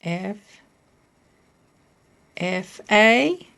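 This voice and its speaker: A woman from Kentucky reads letters off a board one at a time, patiently asking questions and laughing softly now and then. Her mid-range voice is animated and creaky, and she speaks extremely slowly.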